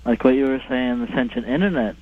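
A man on a call-in radio show pieces his question together haltingly. His voice comes through a thin, tinny phone line with a middle pitch. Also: fairly even intonation, husky, dry recording. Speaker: caller. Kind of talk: phone-in chat.

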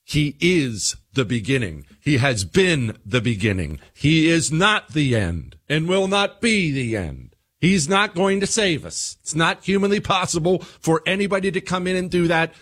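A man's voice: very animated, measured pace, few pauses, a bit bright, breathy edge. Emphatic male talk radio host. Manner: emphatic, repeats phrases, swings between low asides and raised points.

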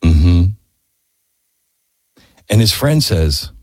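A man delivers an impassioned history talk with a husky, slightly rough voice. His pitch swings widely as he presses his points and throws out rhetorical questions. The recording is dry and close. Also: sing-song, a little slow, no room sound. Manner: emphatic, asks rhetorical questions. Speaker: history storyteller.

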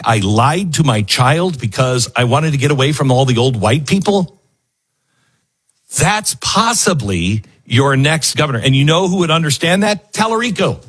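Sarcastic husky man commenting on news. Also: on the high side, a bit bright. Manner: sarcastic, acts out quotes in other voices. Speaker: commentary show host.

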